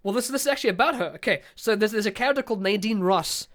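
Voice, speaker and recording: Chatty South African podcast host. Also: male voice, high voice, rapid-fire, fairly bright tone. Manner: laughing, chatty, often repeats words. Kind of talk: casual interview chat.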